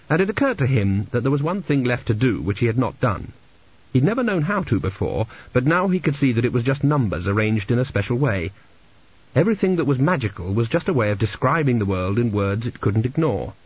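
A man narrating a comic fantasy audiobook in a dry, measured storytelling manner, in a lo-fi recording. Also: medium pitch, lively intonation, slightly rough, no echo. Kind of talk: scripted narration.

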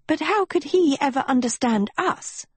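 A woman doing a high, wistful young witch turned hag. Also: lively intonation, moderate pace, a little mellow, dry recording. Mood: pleading.

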